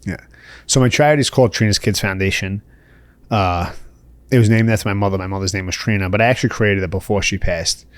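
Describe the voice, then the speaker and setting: A fast-talking man whose voice sits on the low side comes through with no echo. Middle-aged and from the Bronx, New York, he's a candid podcast guest in a casual interview chat, laughing often and saying "you know" again and again.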